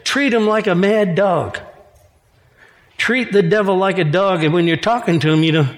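A man's voice: high-pitched, moderate pace, big-room sound. A man preaching a sermon in a church, reading scripture and mixing in casual asides and jokes. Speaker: pastor.

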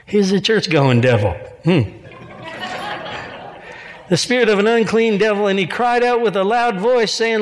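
A man's voice: high voice, expressive, measured pace, long pauses, in a large hall. A man preaching a sermon in a church, reading scripture and mixing in casual asides and jokes. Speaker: pastor.

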